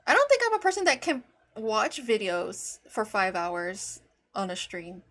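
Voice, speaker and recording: A woman's voice: mid-range voice, animated, unhurried, a bit bright. A woman streamer chatting casually while reacting to videos, rambling and laughing often, and talking to her cat.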